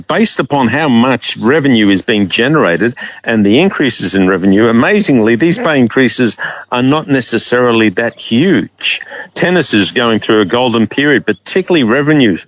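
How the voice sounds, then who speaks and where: A man talking sport on a radio show, dry and sarcastic and quick to laugh. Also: medium pitch, expressive, fairly bright tone. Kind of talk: casual radio chat. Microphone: studio microphone.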